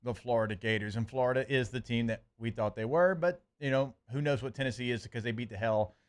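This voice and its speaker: A man co-hosting a sports radio show, talking in a relaxed, conversational way and laughing easily. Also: medium pitch, fast talker, clear, resonant tone. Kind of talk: casual sports talk.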